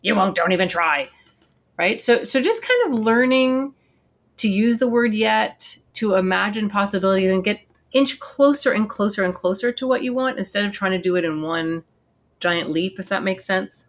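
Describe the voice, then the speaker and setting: A woman who works with parents and kids, explaining with earnest, animated asides as an interview guest. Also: mid-range voice, moderate pace.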